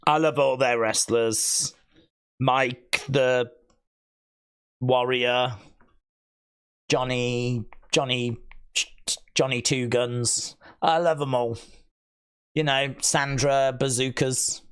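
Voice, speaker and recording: A man's voice: mid-range voice, flat delivery, extremely slow, long pauses, fairly bright tone, smooth. A man hosting a live wrestling watch-along, reacting with theatrical mock despair and sarcasm, wailing and groaning. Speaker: wrestling live-stream host.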